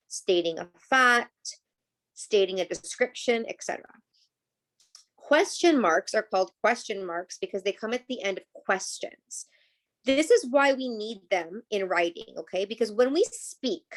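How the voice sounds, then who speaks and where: Patient woman teaching an online class. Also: medium pitch. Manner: patient, explanatory, checks in with "right?" and "okay?". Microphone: video call.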